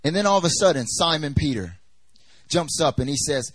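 A man's voice: on the high side, animated, a little fast, husky, dry recording, poor audio. A young man preaching a sermon at a church service, talking in a loose, conversational way full of "like" and "you know", and acting out the voices he quotes.

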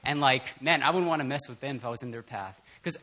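A man preaching a casual, conversational sermon at a church prayer meeting, animated and laughing often, with many fillers and restarts. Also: medium pitch, fast talker.

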